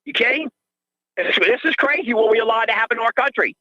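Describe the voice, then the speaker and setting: Fast, high-voiced ranting older male caller. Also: no room sound. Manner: agitated, ranting, repeats himself. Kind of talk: call-in radio rant. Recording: dull lo-fi call audio.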